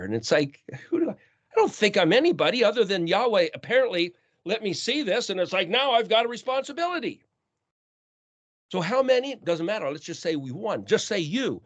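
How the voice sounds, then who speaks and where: A man's voice: sits high, big pitch swings, fairly quick. A man teaching scripture in an earnest way, asking many rhetorical questions. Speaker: teacher of a scripture study call. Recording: dull lo-fi sound.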